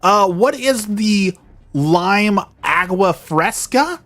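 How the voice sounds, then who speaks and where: A woman's voice: medium pitch, expressive, extremely slow, a bit bright, pitched above the performer's own voice. A man voicing a clueless adult woman customer who asks wondering questions in a raised voice. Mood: puzzled.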